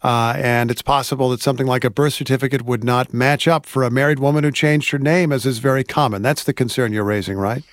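A man hosting a news interview, asking calm, probing questions. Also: medium pitch, fast talker, few pauses, no echo, studio quality. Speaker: radio interviewer.

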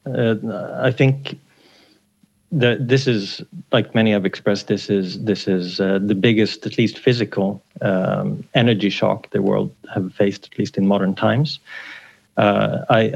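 A man's voice: fairly low pitch, creaky, a little mellow, slightly rough, dull audio. A man speaking as an economics professor guest over a remote line, hesitant with frequent fillers. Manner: hesitant, many fillers and restarts. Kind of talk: remote radio interview.

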